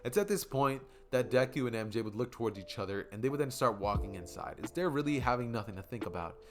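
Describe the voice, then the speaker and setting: Young guy rambling thru a made-up fan story, normal pitch, some faint music behind. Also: fast. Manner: casual and rambling, many fillers. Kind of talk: improvised fan story narration.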